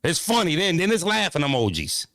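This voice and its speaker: Animated streamer man, dry close mic. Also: a little high, a little fast, no room sound. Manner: animated, profane street slang, talks back to chat. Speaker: streamer reacting to chat. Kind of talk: casual livestream talk.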